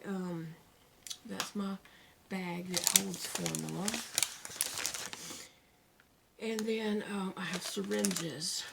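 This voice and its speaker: A woman with a Southern American drawl, speaking a bit low with a gravelly edge to her voice. She talks to her viewers at home, candid and soft-spoken, pausing often and still emotional after crying. A faint background hiss sits under her voice. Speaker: vlogger. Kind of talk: casual vlog talk to camera. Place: at home, indoors.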